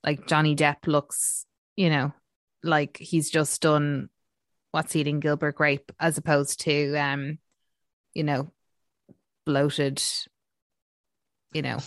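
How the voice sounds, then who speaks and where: A woman's voice: deep voice, little pitch movement, takes it slowly, pauses often, no echo, studio quality. A woman co-hosting a casual film review chat, rambling with lots of fillers. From Ireland. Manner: chatty, rambling with many fillers.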